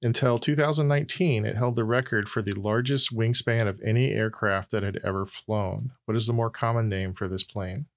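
Low-voiced man hosting a trivia quiz. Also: steady tone. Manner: measured, reads questions and scores. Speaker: quiz host. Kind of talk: reading trivia questions.

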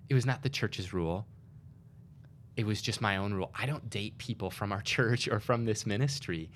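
A man's voice: fairly low pitch, moderate pace, slight background noise. A young man hosting an interview, speaking emphatically and chiming in often to agree. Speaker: host.

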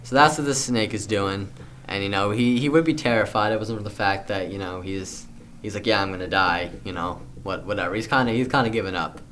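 A man's voice: on the low side, fairly quick, a bit bright, a little hiss or hum. A young man casually improvising a story for a friend, rambling with fillers and restarts.

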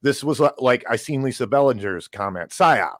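A man's voice: medium pitch, expressive, normal speed, fairly bright tone, dry recording. A man giving his political opinion casually, stumbling and repeating words as he goes. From United States. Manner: hesitant, repeats words, rises when emphatic.

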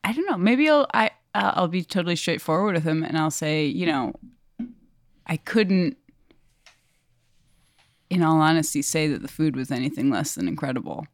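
A woman's voice: sits low, expressive, normal speed, pauses often, no room sound. A woman guesting on a comedy podcast, answering playfully and a little hesitantly. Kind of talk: casual improv chat.

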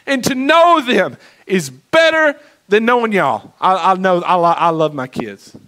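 Brief: male pastor preaching a sermon, high bright voice, passionate delivery. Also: animated, measured pace, low-quality recording. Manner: impassioned preaching, swinging between loud and hushed.

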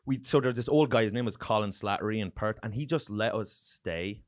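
Profane Irish comedian telling stories. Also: male voice, on the low side, fairly quick, no echo, studio quality. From Ireland. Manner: profane, storytelling, animated. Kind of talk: casual podcast chat.

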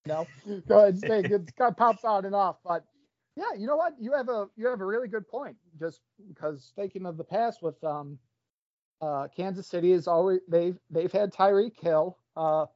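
A man's voice: high voice, normal speed, darkish tone, dry recording. Rambling man on a dull dry call line. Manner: rambling, restarts phrases. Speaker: podcast guest. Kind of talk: casual sports chat.

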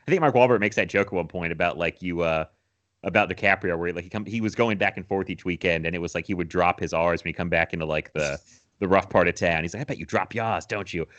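A young man talks casually about films on a podcast, his voice sitting low. He rambles, restarts his sentences and laughs often. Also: fast, fairly bright tone, highs cut off. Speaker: podcast co-host. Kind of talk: casual movie chat.

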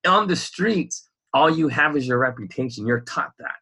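A man chatting casually on a podcast, his voice bright and forceful with a husky edge. He rambles, restarts his sentences and fills gaps with "you know" and "like". His tone stays animated and loose. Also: mid-range voice, normal speed. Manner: laughs often while talking. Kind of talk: casual chat.

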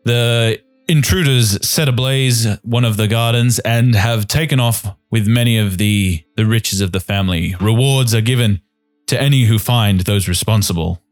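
A man voicing a male town crier who proclaims news loudly and slowly. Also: fairly low pitch, soft background music, natural voice. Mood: proclaiming.

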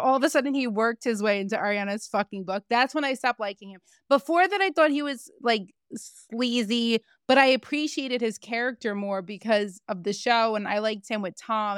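A woman co-hosting a podcast, chatting in a casual and animated way and swearing freely as she recaps reality TV. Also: on the high side, clean tone, no room sound, studio quality. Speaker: podcast co-host.

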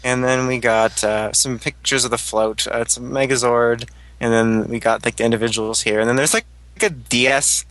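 A man's voice: mid-range voice, moderate pace, no echo, low-quality recording. A man co-hosting a podcast, joking around in casual chat. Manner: joking, animated. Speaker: podcast co-host.

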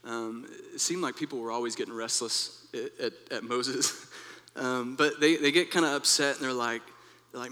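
A man's voice: mid-range voice, fairly even intonation, moderate pace, bright, forceful tone, big-room sound. A young man giving an earnest, conversational devotional talk, telling a personal story as a preacher.

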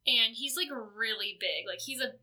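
A woman's voice: fairly high pitch, moderate pace, sharp tone. A woman hosting a podcast, chatting casually and filling her talk with "like". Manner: chatty, many "like" fillers. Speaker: podcast host presenting fan awards. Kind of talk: casual chat.

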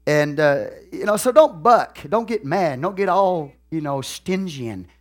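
A man with a Texan accent preaching a sermon as pastor, folksy and peppered with "okay?" and "hallelujah", swinging from soft asides to shouted lines. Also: on the high side, lively intonation, unhurried.

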